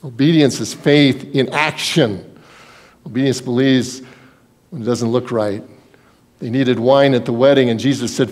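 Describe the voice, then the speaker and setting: A man preaching a sermon as pastor, telling Bible stories in a lively way and acting out the people in them. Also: medium pitch, a little slow, pauses often. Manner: storytelling, acts out Bible scenes in quoted voices.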